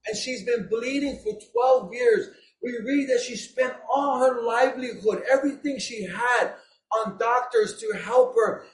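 Man, preacher, very high voice, slow delivery, impassioned, echoing sanctuary. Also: a little hiss or hum. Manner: impassioned, shouting at peaks, emotional. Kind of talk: sermon. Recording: roomy echo.

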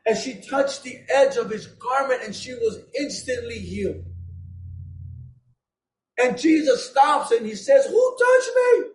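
A man preaching an impassioned, emotional sermon, raising his voice to a shout at its peaks. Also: very high-pitched, unhurried, long pauses. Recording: roomy echo.

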